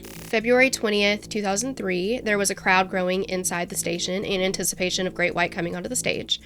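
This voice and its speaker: A woman co-hosting a casual true-crime podcast, talking in an animated, self-mocking way and laughing at herself. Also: medium pitch, brisk. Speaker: podcast co-host.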